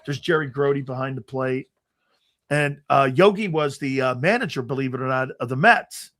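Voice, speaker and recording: A middle-aged man hosting a sports talk show, telling stories in a casual, animated way and acting out his younger self. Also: mid-range voice, normal speed. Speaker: show host.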